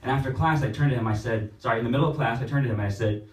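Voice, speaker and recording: Young man doing stand-up, deadpan. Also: mid-range voice, rapid-fire. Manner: deadpan storytelling, shifting into exaggerated put-on voices. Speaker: stand-up comedian. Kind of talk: stand-up set. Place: small open-mic room. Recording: roomy, distant phone livestream.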